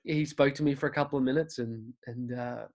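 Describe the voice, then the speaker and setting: An Australian man, a podcast creator appearing as a guest, tells rambling stories in a casual interview chat, restarting often. His voice is medium in pitch and darkish, with a steady tone and a slightly fast pace.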